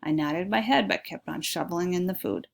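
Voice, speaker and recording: A woman's voice: on the low side, brisk, creaky. A woman reading a children's chapter book aloud, friendly and speaking directly to her listeners.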